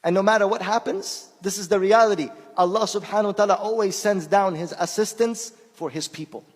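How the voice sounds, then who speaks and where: एक आदमी अनौपचारिक धर्मोपदेश दे रहा है, बोलचाल के अंदाज़ में, शब्द दोहराते हुए और किस्सों में आवाज़ें निकालते हुए; उसकी मातृभाषा फ़ारसी है।. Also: male voice, sits high, a little fast. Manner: conversational, repeats words while searching, acts out quoted voices. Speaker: shaykh giving a talk. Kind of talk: informal sermon with anecdotes. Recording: long hall reverb.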